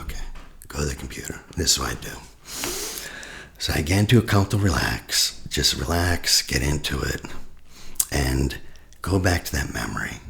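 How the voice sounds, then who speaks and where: A man, a therapist, talking a listener through a guided meditation in a slow, soft voice that often drops to a near whisper. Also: extremely low pitch, gravelly. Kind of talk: guided meditation with teaching asides.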